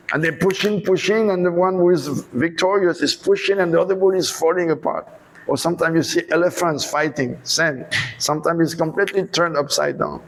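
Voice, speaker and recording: A monk preacher telling a devotional story in an animated sermon, acting out the dialogue. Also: male voice, a little high, low-quality recording.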